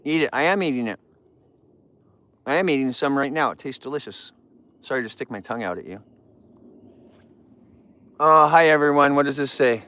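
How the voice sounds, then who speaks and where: A man's voice: fairly high pitch, expressive, moderate pace, pauses often, a bit bright. A man hosting a casual live vlog outdoors, talking straight to viewers in an upbeat, rambling way. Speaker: outdoor livestream host. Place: outdoors in the wild.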